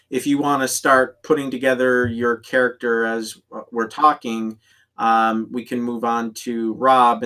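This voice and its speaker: A man acting as game master, explaining rules to players with many pauses and restarts. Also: fairly low pitch, fairly bright tone. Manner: halting, many ums and restarts. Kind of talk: explaining rules in an online tabletop session.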